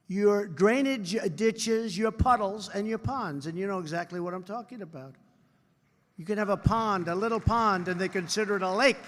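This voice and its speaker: A man's voice: sits high, sharp tone. A man in his seventies with an American accent, giving a public speech as a politician from a stage in a large convention hall, wandering into repetitive, boastful asides to the crowd. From United States. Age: 70s. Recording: long reverb of a big hall.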